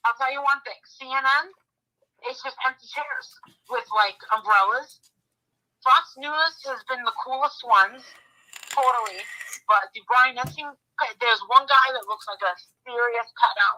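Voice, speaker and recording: A woman tells her story in a loose, excitable chat. She is blunt and swears freely. Her voice sits fairly high, with a piercingly bright edge. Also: unhurried, rough recording. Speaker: guest recounting a visit. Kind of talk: casual chat, animated storytelling.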